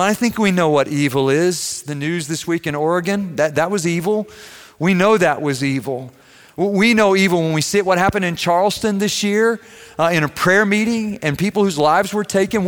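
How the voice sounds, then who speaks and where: A man from Missouri preaches in an earnest, conversational way, with a slightly raised voice that carries. He slows down and draws out key words when he wants them to land. The sound has a long reverb tail from a large church room. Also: on the high side, a bit bright. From Missouri, USA. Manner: earnest, varies pace, stretches key words for emphasis. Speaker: pastor. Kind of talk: sermon.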